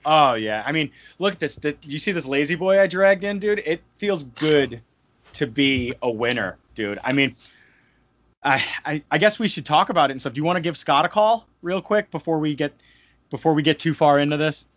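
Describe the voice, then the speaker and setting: A man's voice: a little high, animated, moderate pace, a bit bright. A man hosting a casual podcast, joking around and slipping into hyped announcer bursts. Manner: jokey, hyping announcer bursts. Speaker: podcast host. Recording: dull lo-fi audio, dry.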